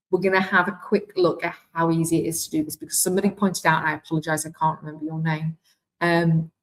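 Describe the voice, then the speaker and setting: A woman with a Welsh accent walks teachers through a live online demonstration. Her voice sits a little low, and she talks in a chatty, self-deprecating way, thinking aloud as she clicks. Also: rough recording. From Wales. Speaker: teacher trainer.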